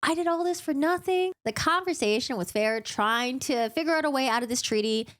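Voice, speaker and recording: A woman's voice: high voice, fairly quick. A woman giving a casual, chatty book recap full of joking asides.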